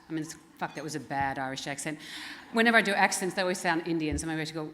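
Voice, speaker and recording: A woman's voice: lowish voice, lively intonation, fast talker, a bit bright, slight background noise. A woman actress answering press questions in casual banter, wry and self-mocking, laughing often.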